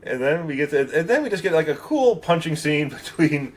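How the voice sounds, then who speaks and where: A man's voice: on the high side, big pitch swings, brisk. A man from Michigan co-hosting a podcast, chatting casually about comics in a wry, laid-back way and often laughing. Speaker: podcast co-host. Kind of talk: casual comic-book discussion.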